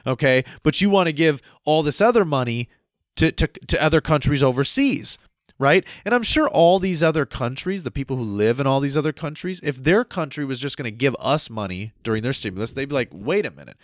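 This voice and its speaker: A man's voice: on the high side, no room sound, studio quality. A man from the United States delivering a heated, ranting monologue, often tagging his points with "right?" and tripping over repeated words. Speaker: commentator.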